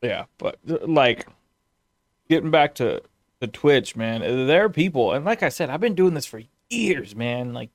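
A man's voice: medium pitch, animated, normal speed, dry recording. A young man, a streamer, chatting casually in a rambling way and laughing often. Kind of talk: casual podcast chat.

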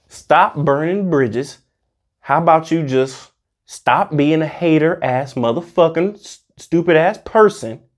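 A vlogger delivering a heated, profane monologue that swings between loud outbursts and muttered asides. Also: medium pitch. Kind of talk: ranting monologue to camera.

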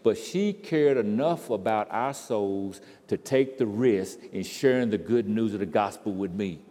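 A man preaching a sermon, swinging from quiet storytelling to loud, impassioned crescendos. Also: on the low side, a little slow. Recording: reverberant hall.

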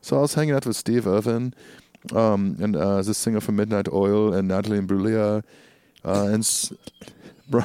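A man's voice: lowish voice, steady tone, moderate pace, warm tone, smooth, dry recording, studio quality. A man co-hosting a podcast in casual chat, telling rambling jokey stories and reading listener emails aloud. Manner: joking, rambling storyteller, reads listener emails. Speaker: podcast co-host.

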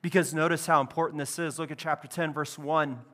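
High-voiced man preaching a casual sermon. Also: fairly quick. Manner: conversational, animated preaching with casual asides. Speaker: pastor. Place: church building.

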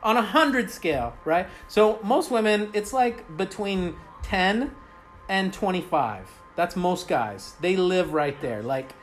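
A man's voice: high-pitched, expressive, slow pace, faint music behind. A man who coaches men on dating, talking casually on a podcast, rambling with many fillers and a constant "right?". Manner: rambling, filler-heavy, says "right?" often.

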